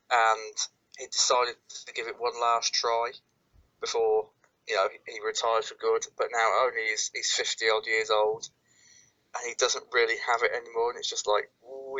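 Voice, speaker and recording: A man with a bright, somewhat sharp voice co-hosts a casual podcast. He chats in a laid-back way and swears now and then. His audio sounds dull and lo-fi. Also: medium pitch, level tone, moderate pace. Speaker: podcast co-host. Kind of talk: casual wrestling review chat. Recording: dull lo-fi mic.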